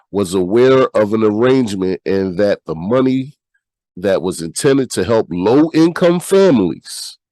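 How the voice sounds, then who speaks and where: A sick American podcast host with a nasal, stuffy voice, talking bluntly and reading news aloud. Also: male voice, lowish voice, a little mellow, dry recording, rough recording. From United States. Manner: blunt, repeats himself, swears freely.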